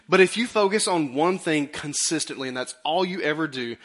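A male pastor preaching a folksy, animated sermon, acting out quotes in a high put-on voice. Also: brisk, hardly any pauses.

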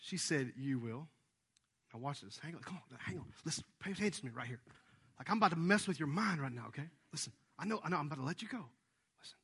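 A man preaching a sermon as the pastor, telling a family story in an animated, conversational way. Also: fairly high pitch, very fast, slightly rough.

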